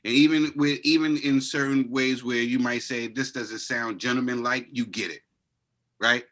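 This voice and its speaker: A man's voice: mid-range voice, steady tone, moderate pace, fairly bright tone. Playful hype-man podcast co-host. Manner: hype, playful catchphrases and call-outs to viewers. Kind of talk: casual chat reacting to a documentary.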